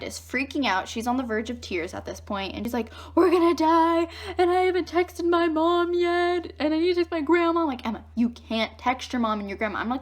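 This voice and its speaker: A teenage girl telling a dramatic school story in a chatty storytime vlog, acting out what others said. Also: mid-range voice. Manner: chatty, animated retelling with acted-out quotes. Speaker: vlogger.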